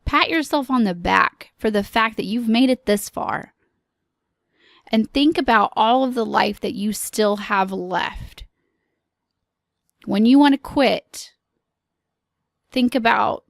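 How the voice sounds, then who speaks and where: A woman hosting a podcast, giving an earnest, encouraging motivational talk in slow, deliberate phrases. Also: on the high side, creaky, no echo, studio quality. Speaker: podcast host.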